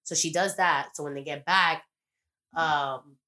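A woman's voice: low-pitched, fairly even intonation, a little slow, sharp tone. A woman casually recapping a TV episode on a podcast, rambling, swearing freely and acting out the characters' lines. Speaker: podcast co-host.

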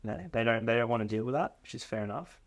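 A man's voice: mid-range voice, quick pace. A young man co-hosting a podcast, chatting animatedly and acting out quoted people. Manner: animated, mimics voices in quoted bits. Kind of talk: casual chat.

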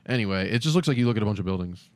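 A man's voice: on the low side, expressive, rapid-fire, darkish tone, no echo. Dry-sounding man joking through a podcast. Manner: joking, reads search results aloud. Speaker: podcast co-host. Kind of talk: casual chat.

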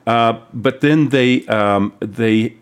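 Guy cohosting a music radio show, middle pitch, lots of ums and restarts, easygoing chat. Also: smooth. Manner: halting, many fillers and restarts. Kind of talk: casual radio chat introducing songs.

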